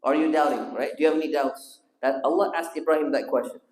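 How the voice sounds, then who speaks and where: A man's voice: fairly high pitch, fast, darkish tone. A man teaching a storytelling religious lesson, asking the audience questions and calling on listeners. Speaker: sheikh teaching a class. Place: mosque hall. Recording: echoey hall.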